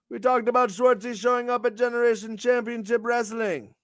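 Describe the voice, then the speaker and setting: Loud, theatrical high-voiced male streamer. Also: steady tone, a little fast, few pauses, dry recording, studio quality. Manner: bombastic, theatrical, swings pitch and volume wildly. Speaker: streamer hosting a morning show. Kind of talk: hyped-up wrestling promo chat.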